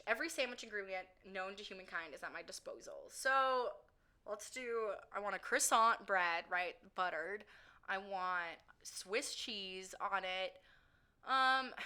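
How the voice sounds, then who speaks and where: Young woman, bright clear tone, casual vlog chat, rambling, filler-heavy, self-deprecating. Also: medium pitch. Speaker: vlogger answering viewer questions.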